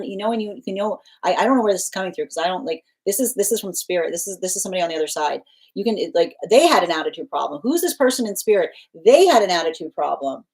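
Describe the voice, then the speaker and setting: A woman's voice: medium pitch, a little mellow. Rambling, emphatic woman tarot reader. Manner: rambling, repeats phrases, many restarts and fillers; emphatic, insistent. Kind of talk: live tarot reading.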